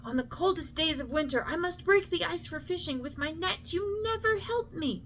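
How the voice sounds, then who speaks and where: A woman voicing a mother scolding her lazy son in a bedtime story, her voice climbing higher as she complains. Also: expressive, normal speed, fairly bright tone, slight background noise, full character voice. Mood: exasperated. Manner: rising, exasperated scolding.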